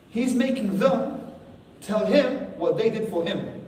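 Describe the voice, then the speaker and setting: A man giving a Ramadan sermon as an expressive storyteller who lifts his voice for emphasis. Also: high-pitched, slow, a little hiss or hum. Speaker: Islamic lecturer. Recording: echoey hall, voice from far off.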